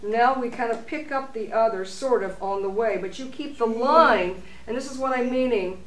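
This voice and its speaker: A woman's voice: fairly high pitch, normal speed, a little hiss or hum. A woman voice teacher coaching a student through a phrase, encouraging and singing syllables to show the stress. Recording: echoey room, mic far off, piano.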